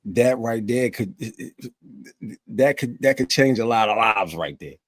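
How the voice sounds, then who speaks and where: A man's voice: lowish voice, animated, unhurried, no room sound. A man hosting a podcast interview, asking questions casually and repeating words as he stammers. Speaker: podcast host.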